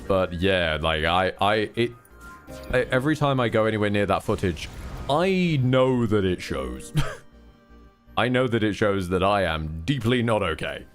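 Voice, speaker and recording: Animated, swearing male game streamer. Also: lowish voice, measured pace, faint music behind. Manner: rambling, swears often, candid asides. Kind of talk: casual live-stream gameplay commentary.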